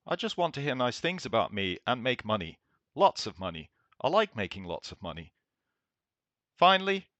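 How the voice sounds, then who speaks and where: A man's voice: medium pitch, a bit bright, no echo. Guy doing a smug bragging president bit, says everything's great over and over, dry dull recording. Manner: self-praising, repetitive, simple words. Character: boastful, blustering male president impression, middle-aged. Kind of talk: satirical letter read in character.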